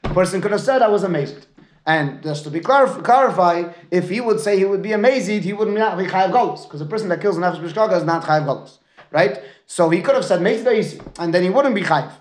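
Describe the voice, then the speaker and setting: A man's voice: high-pitched, expressive, quick pace, echoey room. A man teaching a Talmud class, mixing Aramaic and Hebrew terms into his English and often checking in with his students by asking "right?". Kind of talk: lecture with student questions.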